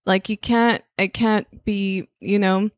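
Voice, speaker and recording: A woman's voice: medium pitch, little pitch movement, slow, no echo, clean studio sound. A woman from Mexico with a Mexican Spanish accent, a native Spanish speaker, giving a reflective monthly spiritual talk as a channeler and telling personal stories with frequent restarts.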